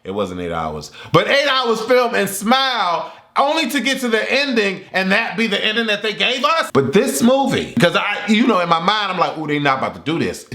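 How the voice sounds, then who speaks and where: Host-type guy for a movie review vlog: excitable and theatrical, pitch swinging wide, bright, forceful voice. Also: normal speed, few pauses. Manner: animated and excitable, acts out his reactions and yells at the screen. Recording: echoey room.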